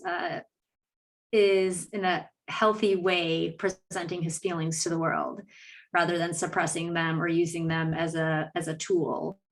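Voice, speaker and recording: A woman's voice: lowish voice, fairly bright tone. Thoughtful woman host, slightly distant mic. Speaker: podcast host. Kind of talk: conversational podcast interview.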